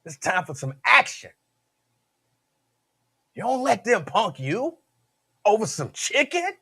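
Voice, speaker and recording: A man's voice: high voice, very animated, slow pace, creaky, pushed and bright, breathy edge, voice pushed up, exaggerated voice. A man doing his pushy friend's goading voice. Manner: goading, hyping. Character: pushy male friend egging a buddy on.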